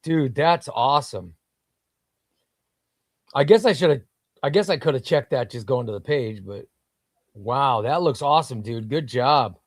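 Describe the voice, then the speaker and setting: A man's voice: mid-range voice, animated, unhurried, pauses often, no echo, clean studio sound. A man hosting a casual comics livestream, reading viewer comments in an enthusiastic, rambling way.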